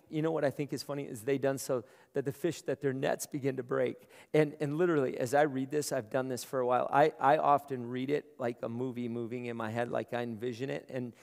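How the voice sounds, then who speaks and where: A man's voice: mid-range voice, gravelly, a little mellow. A male pastor preaching a conversational sermon, often repeating words as he starts his phrases. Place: large room. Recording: long hall reverb.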